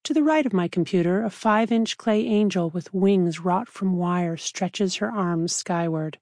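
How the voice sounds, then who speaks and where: Mellow, reflective woman reading a memoir. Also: on the low side, no room sound, clean studio sound. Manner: measured, reflective. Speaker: psychiatrist narrating her memoir. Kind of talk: audiobook narration.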